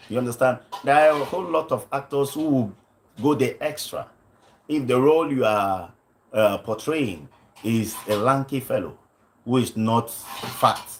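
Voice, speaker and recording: A man coaching acting on a livestream, stressing his points, repeating lines and often asking "you understand?". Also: mid-range voice. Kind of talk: livestream teaching talk.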